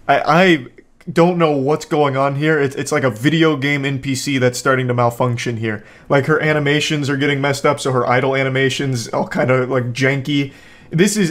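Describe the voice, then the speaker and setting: Male reaction commentator at home, mid-pitched, dry sarcastic jokes and loose rambling delivery. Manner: sarcastic, joking, rambling asides. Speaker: video commentator.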